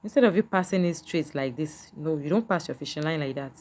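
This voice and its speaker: A woman's voice: low voice, animated, a little fast, a little mellow. A woman giving a patient, step-by-step beading tutorial and often asking the viewer whether they can see. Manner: patient, repetitive, checks in with "can you see?".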